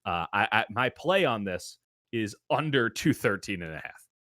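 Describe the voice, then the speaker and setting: A man's voice: on the low side, expressive, normal speed, bright, forceful tone, no room sound, studio quality. A man hosting a sports betting show, giving his picks in casual talk and riffing with comic exaggeration. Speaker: sports betting podcast host.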